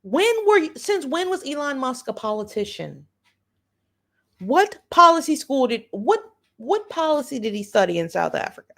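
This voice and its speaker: A woman's voice: high voice, sing-song, moderate pace, gravelly, fairly bright tone. A woman hosting a livestream and giving blunt, profane, sarcastic political commentary, repeating phrases for emphasis. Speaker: livestream host.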